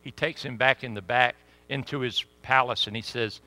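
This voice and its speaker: Animated preacher, bright voice. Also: male voice, mid-range voice, normal speed. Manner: animated, swings between loud and hushed, folksy asides. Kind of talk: sermon.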